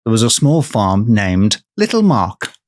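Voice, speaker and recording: A man hosting a podcast, telling a folk tale in casual chat, playful and quick to laugh. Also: fairly low pitch, very animated, darkish tone. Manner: playful, laughs often, tells folklore. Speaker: podcast storyteller host.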